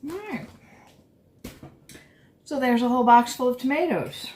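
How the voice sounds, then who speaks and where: A woman's voice: on the high side, animated, normal speed, darkish tone, poor audio. A woman vlogging from her home kitchen, chatting casually and poking fun at herself as she explains a kitchen project. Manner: chatty and self-deprecating. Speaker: homesteading vlogger. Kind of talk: casual vlog narration.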